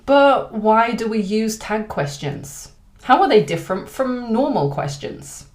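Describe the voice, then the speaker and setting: British woman, English teacher, animated pitch, clear deliberate delivery. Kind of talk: online language lesson.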